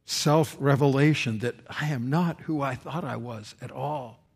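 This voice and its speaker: A man preaching a sermon, swinging between loud dramatic quotes and quiet, solemn passages. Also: medium pitch, a little slow, gravelly, breathy edge. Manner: expressive preaching, rising loud for quoted speech and dropping soft for solemn lines. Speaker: pastor.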